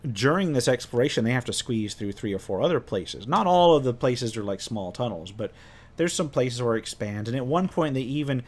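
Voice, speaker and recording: A man's voice: medium pitch, lively intonation, fairly quick. A man telling a tabletop game story as game master, casually and with many restarts, acting out his players' lines. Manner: rambling, many restarts, acts out players' voices.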